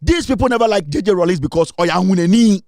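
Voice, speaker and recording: A man's voice: high-pitched, animated, fast, darkish tone, no room sound, studio quality. A Ghanaian man giving a heated, scornful political monologue, repeating his points and slipping into Twi phrases. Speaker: political commentator.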